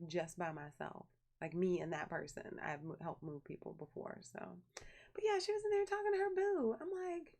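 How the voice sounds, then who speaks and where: A young adult woman chatting casually on a live stream, telling a family story in an animated way and thanking viewers by name. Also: mid-range voice. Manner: chatty, animated storyteller who reads viewer messages aloud.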